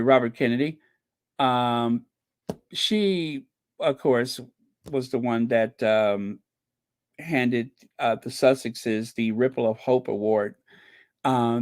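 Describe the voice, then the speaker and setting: Slow, rambling male chat host. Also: mid-range voice. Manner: rambling, chatty, with many fillers and laughs. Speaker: channel host. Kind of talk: casual commentary to a live chat.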